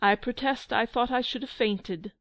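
A woman's voice: on the high side, moderate pace, fairly bright tone, dry recording. A woman voicing a fluttering, lovesick lady of the court in a storybook, gushing and tearful.

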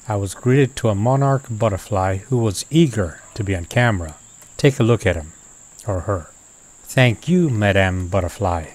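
Male narrator, low-pitched, thoughtful and unhurried, for reflective nature voice-over. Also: darkish tone. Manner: musing, unhurried, talks to his subject.

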